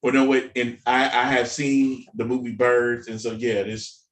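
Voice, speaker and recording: A man's voice: mid-range voice, flat delivery, a little slow, distant mic. Rambling male podcast co-host in an echoey room. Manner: rambling rants about cartoons and movies, laughs often. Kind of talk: casual chat. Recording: roomy echo, somewhat off mic.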